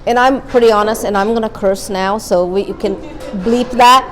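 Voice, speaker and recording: A woman's voice: on the high side, fairly even intonation, normal speed, rough recording. Candid woman speaking to a parent group. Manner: earnest, candid, repeats key points. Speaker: guest speaker, therapist. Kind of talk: informal talk to a parent group. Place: meeting room.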